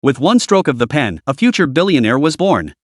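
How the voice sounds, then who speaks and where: A male narrator reads a scripted story recap in a fairly high voice. His delivery is dramatic yet steady. The sound is close and dry, with no room around it. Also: brisk, dry recording.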